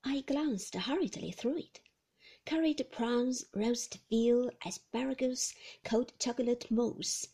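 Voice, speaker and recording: A woman narrating a novel in a hushed, half-whispered, tense way. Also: on the high side, slow, husky. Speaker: audiobook narrator.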